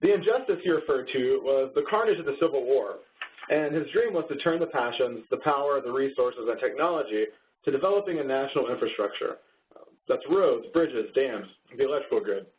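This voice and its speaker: A man's voice: medium pitch, animated, a little fast, slight background noise. A man co-hosting a training webinar in an easygoing way, over tinny phone-like audio. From Texas. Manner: easygoing, laughs along at jokes. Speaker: webinar co-host. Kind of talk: casual webinar presentation.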